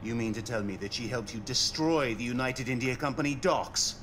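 An actor playing a stern, distrustful knight commander who speaks in an indignant, accusing way, in a game cutscene. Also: male voice, medium pitch, fairly quick, a bit bright, slight background noise, close to an everyday voice. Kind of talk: video game cutscene acting.

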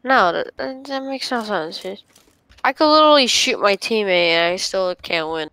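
A woman's voice: mid-range voice, expressive, normal speed, pushed and bright, smooth, low-quality recording. A woman streaming a game and chatting casually with teammates, rambling with lots of fillers. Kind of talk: casual gaming voice chat.

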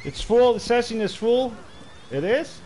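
A man's voice: very high-pitched, lively intonation, a little slow, warm tone, slight background noise. A man livestreaming a game, chatting casually and greeting players as bro. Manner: friendly, greets players, calls them bro. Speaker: game streamer.

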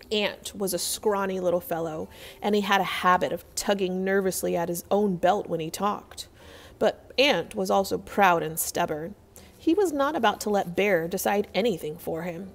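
A woman narrates a folktale in a measured, expressive way, with a mid-pitched voice. Her words carry a long, lingering hall reverb that trails after each phrase. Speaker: storyteller. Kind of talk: reading a folktale aloud.

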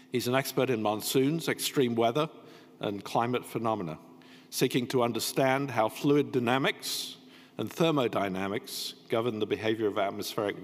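Older male dean, formal scripted intro, lecture hall with long reverb. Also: mid-range voice. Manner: formal, measured reading. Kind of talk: prepared welcome remarks.

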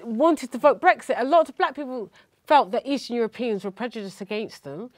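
A woman's voice: fairly high pitch, brisk. A woman co-hosting a talk show, speaking frankly and giving many supportive murmurs. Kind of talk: casual chat.

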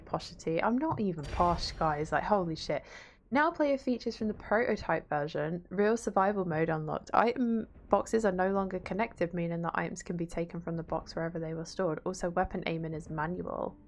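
A woman's voice: on the low side, moderate pace, slight background noise. A woman with a Yorkshire accent streaming a video game, chatting casually with viewers and swearing freely. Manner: chatty, reads chat aloud, swears casually. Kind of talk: casual gaming stream chat.

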